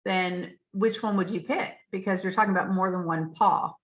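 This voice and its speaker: A woman's voice: mid-range voice, fairly even intonation, moderate pace, muffled recording. A woman leading a literacy training session for teachers, explaining spelling patterns and spelling out letters with frequent check-ins. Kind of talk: professional development talk.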